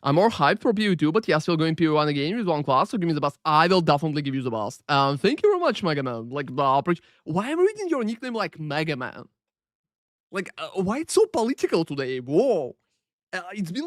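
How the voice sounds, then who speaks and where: Higher-voiced man streaming, dry and close. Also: very animated, fast, no echo. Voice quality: profane, rambling, filler-heavy. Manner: chats loosely with viewers, greets them by name. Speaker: game streamer. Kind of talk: casual live-stream chat. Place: Paris.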